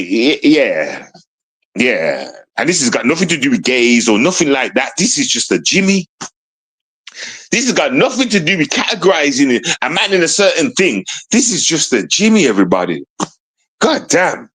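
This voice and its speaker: A man's voice: mid-range voice, a bit bright, breathy edge, poor audio. A man hosting a live stream show, taunting and mocking someone with a stream of rhetorical questions and repeated call-outs to his audience. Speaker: show host.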